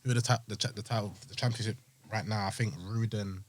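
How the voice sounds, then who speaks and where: A man co-hosting a casual wrestling podcast, animated and breaking into loud bursts. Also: fairly low pitch, quick pace. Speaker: podcast co-host. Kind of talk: casual chat.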